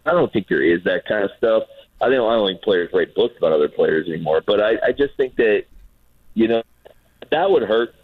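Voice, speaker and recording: A man's voice: on the low side, brisk, dry recording. A man, a former player, telling baseball stories in casual chat on a radio show, acting out what people said, with lots of restarts. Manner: animated, acts out quotes, repeats words. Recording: phone-like narrow sound.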